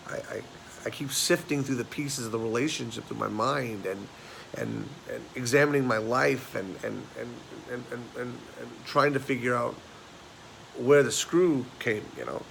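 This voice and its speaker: A man's voice: mid-range voice, normal speed, vocal fry, fairly bright tone, a little hiss or hum, rough recording. An actor performing a film monologue as a neurotic, self-mocking man just turned forty, who rambles and stammers through repeated words. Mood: rueful.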